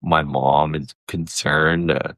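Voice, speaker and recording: A comedian hosting a casual solo podcast, animated and profane, jumping his voice around to act out what people said. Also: slow, dry recording. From Canada. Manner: animated, profane, acts out quoted voices with big pitch jumps. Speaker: comedian host.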